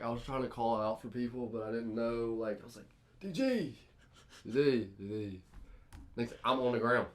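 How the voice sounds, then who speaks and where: A young man co-hosting a casual podcast, telling stories in an excitable, hype-filled way. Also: mid-range voice. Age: young adult. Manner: excitable storyteller, lively and hype-driven. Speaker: podcast co-host.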